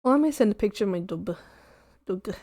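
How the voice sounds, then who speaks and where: A woman's voice: mid-range voice, lively intonation, moderate pace, warm tone, no echo, clean studio sound. A young woman chatting casually on her art stream, gushing and giggly, sliding into baby talk. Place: home streaming setup.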